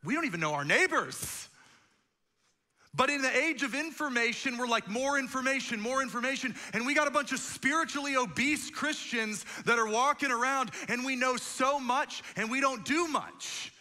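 A man preaching a sermon as pastor, conversational and animated, acting out quotes and joking asides. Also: extremely high pitch, normal speed, in a large hall. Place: church auditorium.

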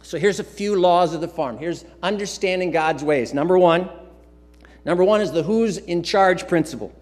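Man, pastor, sermon, emphatic and repetitive, slightly high voice, long church reverb. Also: moderate pace, darkish tone. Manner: repetitive, emphatic preaching with asides and filler sounds. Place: church sanctuary.

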